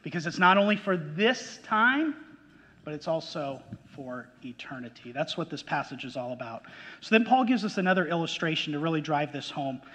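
Male pastor, high voice, emphatic preaching style, recorded in a reverberant sanctuary. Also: very animated, bright, forceful tone. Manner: emphatic, pausing to ask the congregation questions. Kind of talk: sermon. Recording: long hall reverb.

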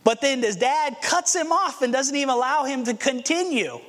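A man's voice: very high voice, animated, normal speed, fairly bright tone. A pastor preaching a sermon, earnest and storytelling, acting out the scenes he describes. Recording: long hall reverb.

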